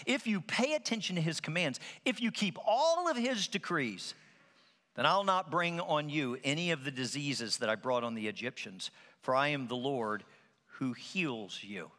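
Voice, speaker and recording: Speaking at a moderate pace in a large hall, this man has a fairly high voice. He's a pastor delivering a sermon, animatedly acting out quotes as he tells his stories.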